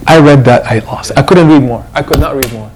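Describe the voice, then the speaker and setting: A man's voice: medium pitch, brisk, low-quality recording. A man, an imam, giving a conversational Quran reflection to his congregation and acting out what others say. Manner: animated, conversational, acts out quotes.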